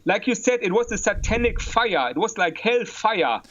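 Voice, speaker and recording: A man's voice: sits high, sing-song, normal speed, fairly bright tone, muffled recording, a little hiss or hum. A man playing a paranoid, bigoted self-styled printer expert witness in a comedic mock trial, talking in a rambling, conspiratorial way. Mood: insinuating. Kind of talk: comedic improvised courtroom role-play.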